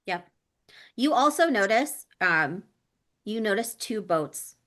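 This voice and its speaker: Bright-voiced woman running a tabletop game. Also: mid-range voice, very animated, slow pace. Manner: descriptive, hesitant with many ums. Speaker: game master.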